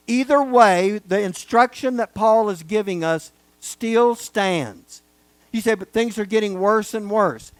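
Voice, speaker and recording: A man's voice: high voice, clean tone, dry recording. A man teaching a Bible study lecture, talking casually and then stressing key words with rising force. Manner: emphatic, building to loud stresses on key words.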